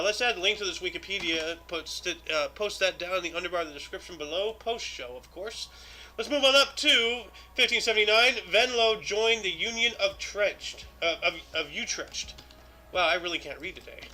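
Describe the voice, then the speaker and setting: Male streamer host, high and sharply bright, reads dates aloud and then riffs casually with lots of fillers. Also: low-quality recording. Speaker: host of a daily history show. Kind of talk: livestream reading and commenting.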